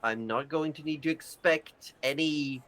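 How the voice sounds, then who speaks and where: A man's voice: on the high side, measured pace, fairly bright tone. A man with an Australian accent voicing a weary, overworked female town official, dry and exasperated.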